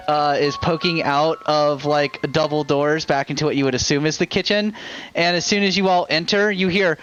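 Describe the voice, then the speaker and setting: Smooth-voiced game master man. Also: high-pitched, fairly bright tone, lo-fi sound. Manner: loose narration with many fillers. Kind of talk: narrating a tabletop game.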